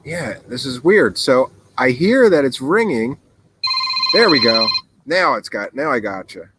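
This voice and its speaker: A man hosting a call-in show in casual chat, recorded on a laptop outdoors by a fire in the mountains, relaxed and easily amused. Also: mid-range voice, a little slow, background noise. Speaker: host. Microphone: laptop mic.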